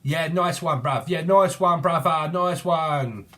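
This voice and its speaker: A man's voice: medium pitch, animated, moderate pace, close to an everyday voice. A man putting on a chummy cockney lad. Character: cheery cockney lad greeting a mate.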